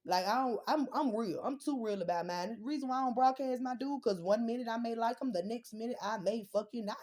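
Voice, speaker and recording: A woman's voice: a little high, quick pace. A young woman ranting bluntly and defiantly about her family and her kids, swearing often. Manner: profane, blunt, defiant, rising to shouts. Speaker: vlogger. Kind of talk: heated personal rant.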